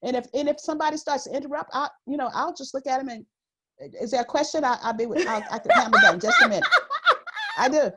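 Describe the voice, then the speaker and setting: A woman's voice: high voice, quick pace. A woman guest author in an interview, speaking with authority, projecting her voice, often laughing and acting out what others say. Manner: animated, laughing, acts out quoted remarks. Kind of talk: interview conversation.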